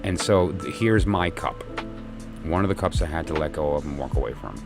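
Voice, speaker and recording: Man, middle-aged, very low voice, tarot reader, rambling reflective storytelling, music in the background. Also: fairly quick. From New York. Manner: meandering, many restarts and fillers, conversational. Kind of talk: reflective spoken monologue with a personal story.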